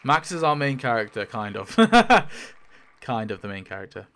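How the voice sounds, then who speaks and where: Smooth-voiced man, rambling commentary. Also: mid-range voice, moderate pace. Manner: rambling, lively, many fillers and laughs. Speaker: YouTuber. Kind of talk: casual commentary while spinning a wheel.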